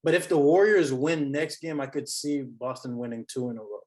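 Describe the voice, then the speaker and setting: A man's voice: medium pitch, moderate pace, darkish tone, poor audio. A man called Coach on a casual sports podcast, thinking aloud in a hesitant way and repeating phrases.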